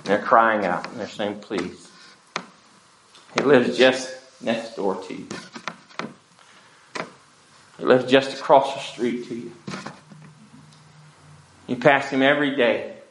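A man's voice: medium pitch, fairly even intonation, slow pace, pauses often, roomy sound, a little hiss or hum, low-quality recording. A pastor preaching an earnest, pleading sermon to his church. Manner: earnest, pleading preaching with wide swings in loudness.

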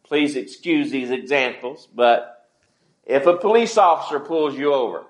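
A man's voice: mid-range voice, animated, a little slow. A man preaching a sermon in a conversational way, asking the congregation questions as he goes. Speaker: pastor. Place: church sanctuary. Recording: echoey church hall.

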